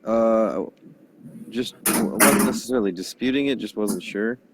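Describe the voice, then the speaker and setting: A man talking over his phone from his girlfriend's grandmother's house, halting and stopping often to restart in a casual hangout chat. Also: lowish voice, very noisy. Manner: halting, full of fillers and restarts. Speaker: chat participant.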